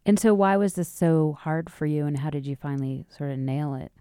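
Woman radio interviewer, gentle questions, smooth resonant voice, dry sound. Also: deep voice, brisk, no echo.

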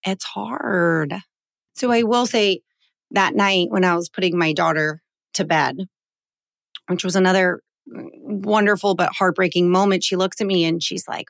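A woman in her forties talks in a casual, heartfelt way as a podcast co-host. Her voice carries a gravelly fry at a middle pitch. The close mic sounds dry, with no room. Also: normal speed, no echo. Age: 40s. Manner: earnest, emotional, heartfelt.

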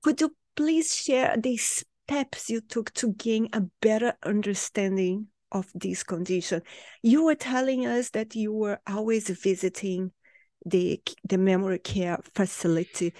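Female podcast host, very slow and measured, polite questions, dry close sound. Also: mid-range voice, mellow, no echo. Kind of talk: interview questions.

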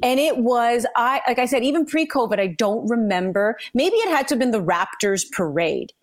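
Woman, sports broadcaster, casual podcast chat, animated storyteller. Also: fairly high pitch, normal speed. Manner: animated storyteller who acts out others.

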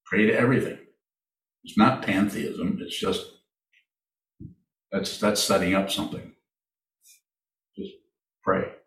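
A man leading a meditation Q&A, speaking slowly and haltingly, often repeating his phrases. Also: low voice, a bit bright. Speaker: meditation teacher. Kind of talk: Q&A in a dharma talk. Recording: echoey room from far off.

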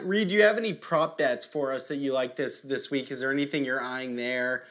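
A man's voice: medium pitch, fairly quick, few pauses, a bit bright. A man co-hosting a casual podcast, giving short replies and laughing often. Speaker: podcast co-host.

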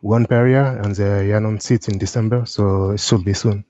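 A man's voice: fairly low pitch, fairly even intonation, moderate pace, dark tone, no echo. Hesitant French-accented man on a dull mic. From France. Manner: hesitant, many fillers. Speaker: podcast co-host. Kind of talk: casual podcast chat.

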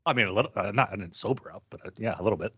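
A man's voice: on the low side, very fast, a bit bright, slightly rough, no room sound, dull audio. A man co-hosting a podcast, rambling in casual banter with lots of fillers and laughs. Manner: rambling, giggly, filler-heavy. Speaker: podcast co-host.

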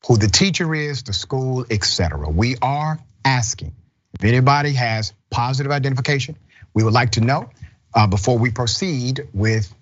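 A man's voice: medium pitch, breathy edge, muffled recording. A man hosting a news commentary show, talking bluntly and with indignation. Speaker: host.

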